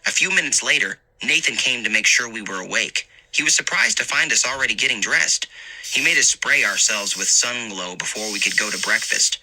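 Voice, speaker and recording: A man narrating a scary story in a lively, expressive reading. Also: medium pitch, brisk, rough recording. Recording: narration over loud background music.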